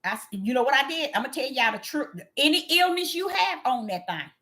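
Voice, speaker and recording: A woman preaching an impassioned sermon, calling out to her listeners and swinging from low murmurs to loud cries. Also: big pitch swings, a little fast, hardly any pauses. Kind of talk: fiery street sermon.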